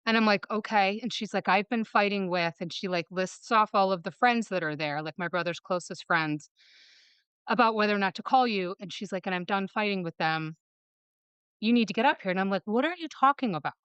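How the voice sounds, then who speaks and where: A woman's voice: medium pitch, fairly bright tone, clean tone, no room sound. A woman from Michigan, a podcast guest, telling a personal story and quoting others as she goes, with lots of "like.". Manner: fast retelling, quoting others with "like".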